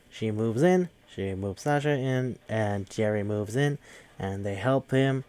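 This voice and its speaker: A man's voice: fairly low pitch, unhurried, darkish tone. A man casually recapping a movie, rambling and swearing with lots of fillers. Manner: rambling, profane, full of fillers. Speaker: podcast host.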